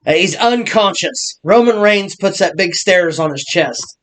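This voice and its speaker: A man co-hosting a casual wrestling review, excitable and full of halting restarts. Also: sits high. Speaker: podcast co-host.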